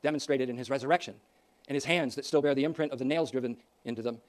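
A man preaching a sermon, swinging from loud emphatic declarations to soft, quiet asides. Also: mid-range voice, fast talker. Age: older.

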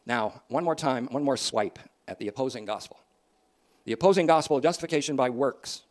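A man preaching a sermon, swinging from loud emphatic declarations to soft, quiet asides. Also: mid-range voice, a little fast. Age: older.

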